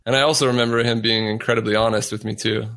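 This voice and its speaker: Podcast host guy, monotone, calm and reflective, mid pitch. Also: rapid-fire. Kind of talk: podcast interview.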